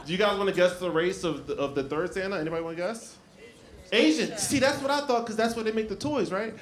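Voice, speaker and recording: A young man performing a stand-up comedy set, telling stories with lively shifts and jumping high for quoted lines. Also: fast. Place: comedy club stage with laughing audience. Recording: echoey club room, loud crowd laughter.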